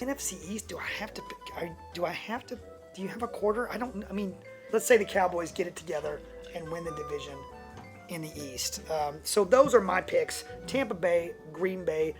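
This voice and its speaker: A co-host on a comedic sports betting show, giving picks with deadpan jokes and crude asides. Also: medium pitch, moderate pace, over music.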